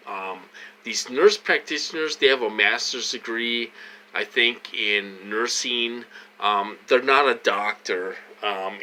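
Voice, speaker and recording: A man's voice: lowish voice, pushed and bright, slight background noise. A man from the United States with a Minnesotan accent, talking casually and bluntly to viewers, rambling and repeating himself with many ums. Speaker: vlogger.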